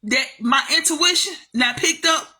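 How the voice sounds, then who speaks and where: A woman's voice: high-pitched, moderate pace, pushed and bright. A woman telling a story to her camera in a casual monologue, blunt and heavily profane, repeating herself for emphasis. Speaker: vlogger.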